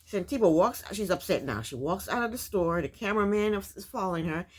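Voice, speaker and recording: A woman's voice: medium pitch, animated, a little fast, slightly rough. A woman casually recapping a reality TV episode, chatty and opinionated, talking back at the people on the show.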